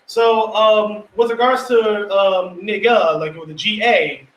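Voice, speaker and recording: A high, bright-voiced man chats loosely, swearing freely and leaning on fillers. His voice carries a roomy echo over a faint hum. He sounds relaxed and off the cuff. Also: measured pace. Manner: laid-back, swears freely, many fillers like "you know what I mean". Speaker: guest. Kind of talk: casual live-stream discussion.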